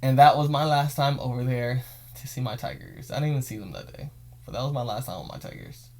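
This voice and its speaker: With a medium-pitched, darkish voice, a little fast, and a little hiss or hum in the recording, a young man hosts his own show. He tells an emotional story in a casual vlog style, rambling and repeating phrases.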